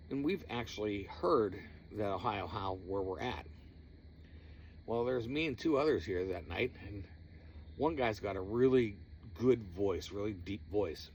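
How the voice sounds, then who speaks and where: A man casually recounting night-time encounters from his paranormal group, animated and laughing, his voice jumping high when he retells someone shouting. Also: slight background noise. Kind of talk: casual storytelling.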